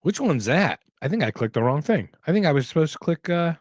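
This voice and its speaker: A man's voice: on the high side, very animated, a little fast, dry recording. A man hosting a casual podcast livestream, reading chat questions aloud and rambling with jokes and restarts. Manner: rambling, joking, with restarts and movie impressions. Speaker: podcast host.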